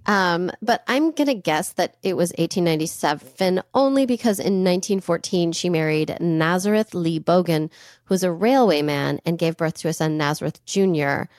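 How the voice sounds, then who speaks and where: A woman co-hosting a podcast, telling a story in casual, animated chat and swearing freely. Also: on the low side, moderate pace, no echo, studio quality. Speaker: podcast co-host.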